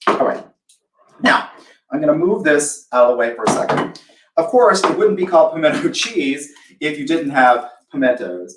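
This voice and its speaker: A man's voice: a little high, animated, moderate pace, roomy sound, distant mic, background noise. A man from the American South hosting a live cooking demo, chatty and self-deprecating, acting out imagined reactions as he talks through a recipe. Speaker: host of a live cooking show.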